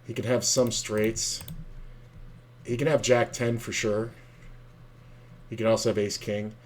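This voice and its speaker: A man's voice: on the low side, flat delivery, measured pace, a little hiss or hum. A man from South Florida, streaming poker and telling a long, profane, rambling story full of fillers. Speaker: streamer playing online poker. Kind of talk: casual storytelling chat while playing.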